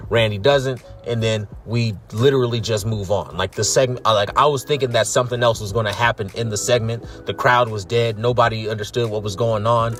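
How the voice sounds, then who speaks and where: A man's voice: fairly low pitch, fairly bright tone. A man streaming a casual wrestling recap, blunt and profane, tagging his sentences with "all right?".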